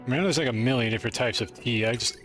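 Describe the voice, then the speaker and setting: A man's voice: mid-range voice, rapid-fire, fairly bright tone, soft background music. A man streaming a game, chatting casually with his viewers in a rambling, self-deprecating way. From United States. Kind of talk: casual live-stream chat while playing.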